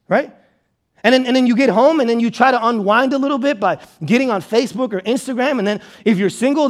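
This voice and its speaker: A man preaching a sermon in an animated way, acting out anxious inner voices and often repeating words. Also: very high voice. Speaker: pastor.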